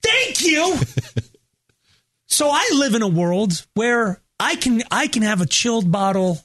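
Radio host guy, high voice, animated and laughy, tells stories and does little voices. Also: a little slow. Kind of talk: casual radio banter, storytelling.

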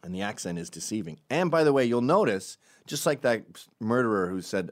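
A man from Canada telling stand-up stories in a wry, profane, animated way. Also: mid-range voice, measured pace. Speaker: stand-up comedian. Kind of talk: stand-up storytelling.

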